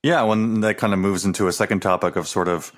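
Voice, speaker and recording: Guy on a movie podcast, deep voice, slow and thinking out loud. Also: fairly even intonation. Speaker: podcast co-host. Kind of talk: casual movie discussion.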